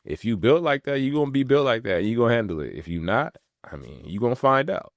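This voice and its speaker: A young man from California, a podcast host and former pro athlete, telling stories in relaxed slangy talk with frequent laughs. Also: mid-range voice, fast, gravelly, no echo, clean studio sound. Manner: laid-back slangy talk, laughs often. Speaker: podcast host, retired pro basketball player. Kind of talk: casual storytelling.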